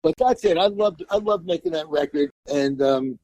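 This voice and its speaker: In a casual interview chat, this older musician from New York tells rambling, colorful stories with blunt remarks and repeated words. His voice is a bit high and mellow, his pace moderate, and the audio rough.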